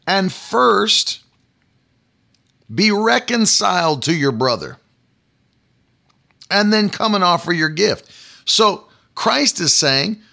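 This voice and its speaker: A man's voice: high-pitched, lively intonation, takes it slowly, vocal fry, long pauses, bright, forceful tone. A man preaching a livestreamed sermon, emphatic and repetitive, stopping to talk to his online viewers. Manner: emphatic, repeats phrases, talks to online viewers.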